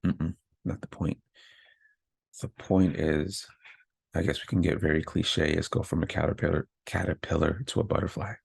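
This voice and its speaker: A man's voice: very deep voice, fairly even intonation, moderate pace, vocal fry, breathy edge, no echo. A man hosting his own podcast, talking candidly and earnestly about growing from hardship, often checking in with "right?". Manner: earnest, self-affirming, frequent "right?" asides. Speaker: podcast host. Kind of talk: candid motivational monologue.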